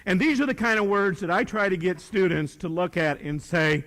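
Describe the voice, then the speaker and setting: A middle-aged man with a high voice addresses students in a folksy, animated way, slipping into little voices for the dialogue he acts out. His words ring with the long reverb of a large hall. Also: moderate pace. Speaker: teacher giving a talk. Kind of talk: motivational speech to students.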